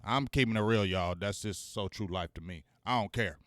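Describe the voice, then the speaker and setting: Loud, salty sports-talk man. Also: fairly low pitch, normal speed, no room sound, clean studio sound. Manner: energetic, loud, salty, lots of shout-outs. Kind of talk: casual live-stream chat.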